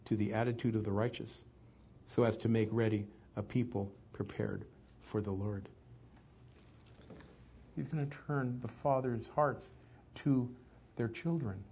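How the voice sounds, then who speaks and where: A man preaching a sermon, reading scripture aloud and asking the listeners questions, swinging from loud emphasis to hushed asides. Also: mid-range voice, slightly rough. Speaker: pastor.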